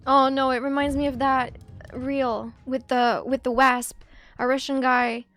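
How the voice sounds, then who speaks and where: A woman's voice: sits high, takes it slowly, long pauses, fairly bright tone, soft background music. A young woman from Bulgaria with a Bulgarian accent, chatting casually with her chat while livestreaming a game, teasing and reading messages aloud. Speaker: streamer.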